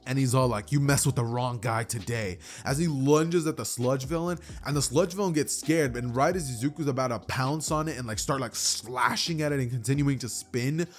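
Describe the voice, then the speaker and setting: A man's voice: medium pitch, fairly quick, hardly any pauses. Rambling casual male storyteller. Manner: rambling, lots of fillers. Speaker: storyteller, channel host. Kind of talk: casual fan-story narration.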